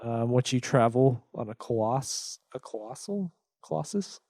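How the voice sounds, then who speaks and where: A man's voice: mid-range voice, expressive, a little slow, dark tone, dry recording. A man co-hosting a game review podcast, walking through the plot with dry sarcasm. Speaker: podcast co-host. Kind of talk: casual game review chat.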